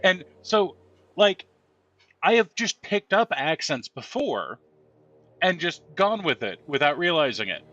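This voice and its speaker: A gameplay streamer with a high, sharp-toned male voice gives casual commentary. He tells rambling anecdotes along the way, chatty and storytelling, with laughs mixed in.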